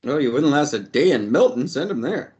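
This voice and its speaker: A man's voice: mid-range voice, expressive, brisk, darkish tone. A man co-hosting a casual chat over a video call, dropping wry quips. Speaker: podcast co-host.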